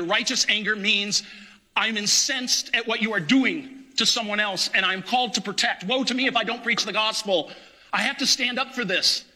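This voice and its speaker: A man's voice: high voice, bright, forceful tone. A man, a parish priest, preaching an impassioned, indignant sermon in a church.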